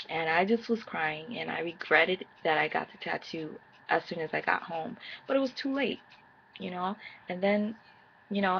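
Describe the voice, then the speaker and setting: Woman about thirty, casual slang storytelling, acts out quotes, lowish voice, dull lo-fi sound. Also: vocal fry, slight background noise. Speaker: vlogger. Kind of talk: personal storytelling to camera.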